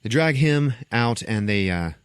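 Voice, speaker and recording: A man's voice: mid-range voice, a little slow, clean tone, no room sound, studio quality. A man hosting a podcast, giving a casual comedic recap of a movie and acting out the scenes as he goes. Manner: animated storytelling, acting out scenes. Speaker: podcast host.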